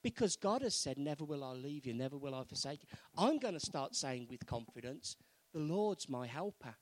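A man preaching a sermon, moving from quiet, earnest pleading to loud, fervent exhortation. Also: medium pitch, animated, moderate pace, no room sound, low-quality recording.

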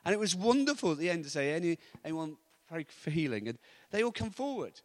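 Man, preacher, lively anecdotal storytelling, higher pitched. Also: fairly quick. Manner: lively anecdotal, chuckles often. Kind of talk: storytelling sermon.

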